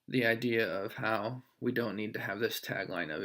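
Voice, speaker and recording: A young man, a student, recording a discussion post in a thoughtful, halting way with many fillers. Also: on the low side, bright, forceful tone.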